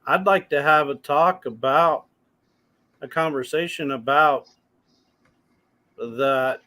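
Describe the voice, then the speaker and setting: A man in a casual chat, giving measured advice to fellow channel owners. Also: on the high side, pushed and bright. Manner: measured, advising. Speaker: guest youtuber.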